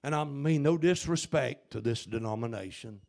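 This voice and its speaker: A man preaching a revival sermon in a church, fiery and emphatic, often shouting. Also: mid-range voice, normal speed, gravelly. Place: church service.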